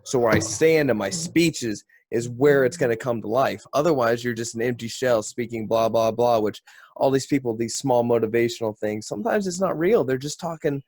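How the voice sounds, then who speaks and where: A man's voice: medium pitch, moderate pace, a little mellow, dry recording. A man hosting a casual interview podcast, laid-back, dropping like and dude into his speech. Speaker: podcast host.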